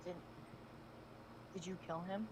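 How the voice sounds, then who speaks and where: A woman voicing a firm, caring young female vigilante in a live fan audio drama read, teasing at times and softly concerned. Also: lowish voice, fairly even intonation, takes it slowly, slight background noise, low-quality recording. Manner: teasing then soft and concerned.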